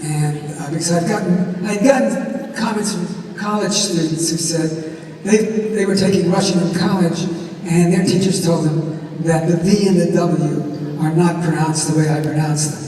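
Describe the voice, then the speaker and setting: An older man, a guest on a convention panel, telling anecdotes in an animated, emphatic way. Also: fairly high pitch, normal speed. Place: large convention hall. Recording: echoey hall, distant mic.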